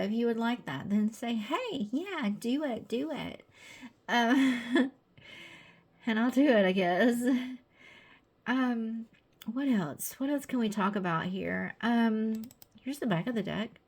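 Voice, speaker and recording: A woman with a Southern American accent, chatty and gushing, presenting her own tarot deck in a casual video with many fillers. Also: on the high side.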